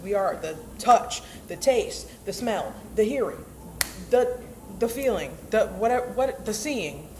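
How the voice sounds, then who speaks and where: A woman's voice: medium pitch, darkish tone, slight background noise. A young woman vlogging casually about mindset, chatty and emphatic, with lots of slang. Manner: chatty, emphatic, slangy, acts out inner voices. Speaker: self-help vlogger. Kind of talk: casual motivational talk.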